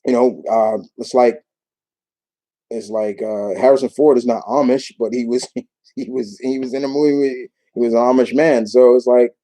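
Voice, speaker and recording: A man from New York hosting a casual live Q&A, talking in a rambling, animated way with many restarts. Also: medium pitch, moderate pace, low-quality recording. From New York, United States. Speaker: YouTube show host.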